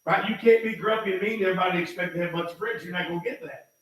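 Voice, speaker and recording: A pastor preaching a folksy sermon, repeating himself and building up to shouts. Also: male voice, high-pitched, racing. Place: church sanctuary. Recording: echoey hall, mic far off.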